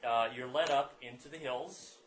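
A man running a tabletop game as game master, narrating in a halting way with many fillers and restarts. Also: medium pitch, a bit bright, slight background noise.

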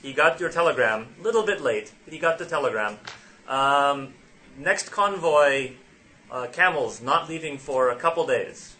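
A man's voice: fairly low pitch, expressive, moderate pace, sharp tone, pitched below the performer's own voice. A man voicing a friendly young male city guide who speaks broken, simplified English.

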